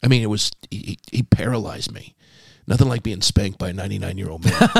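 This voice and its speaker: Pastor guy telling a story, lowish voice, dry close sound, gets animated doing the old man's lines. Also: moderate pace, vocal fry, husky, dry recording. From California. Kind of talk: storytelling in a podcast conversation.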